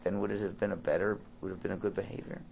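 A man giving an informal Torah talk, animated and acting out parent and child dialogue. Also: low-pitched, very fast, gravelly, slight background noise.

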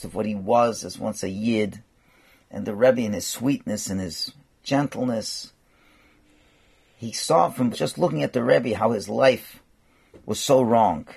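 A man giving a storytelling sermon as a rabbi, animated and sprinkled with Yiddish and Hebrew words. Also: lowish voice, vocal fry, husky.

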